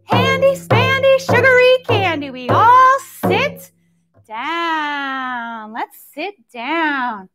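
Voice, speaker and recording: A woman's voice: high voice, fairly bright tone. A young woman leading a toddler story time, playful and sing-song, with animal noises and sound effects.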